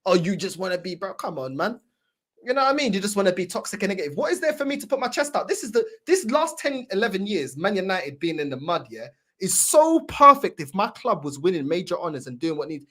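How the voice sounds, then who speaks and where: A man's voice: high-pitched, sing-song, fast talker, bright, forceful tone. Passionate London man arguing his point. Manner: passionate, argumentative, London slang. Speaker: football fan co-host. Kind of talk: casual football rant.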